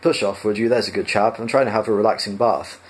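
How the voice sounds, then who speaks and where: A man voicing a cheerful, idle male ship captain with a mild, relaxed manner. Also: fairly low pitch, fast, close to an everyday voice. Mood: easygoing.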